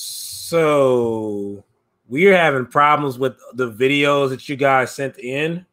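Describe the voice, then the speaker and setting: Male host, bright tone, easygoing unscripted delivery. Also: medium pitch. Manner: relaxed, with filler pauses. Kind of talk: casual announcement.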